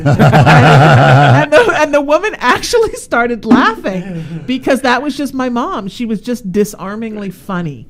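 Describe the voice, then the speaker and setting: A woman's voice: medium pitch, big pitch swings, a little slow. A woman hosting a radio show, telling family stories in a chatty, laughing way. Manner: chatty, laughing, self-deprecating storyteller. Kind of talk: casual storytelling chat. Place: radio studio with a live audience.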